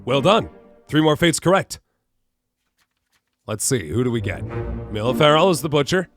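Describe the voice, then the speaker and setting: A man's voice: medium pitch, sing-song, moderate pace, faint music behind. A man streaming a video game, puzzling things out aloud and musing to himself as he plays. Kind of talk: live gameplay commentary.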